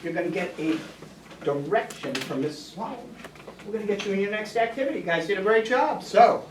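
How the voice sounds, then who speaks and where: A woman's voice: mid-range voice, animated, brisk. A woman teaching a class, coaxing answers from students with questions. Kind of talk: classroom lesson. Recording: echoey classroom from far off, noisy.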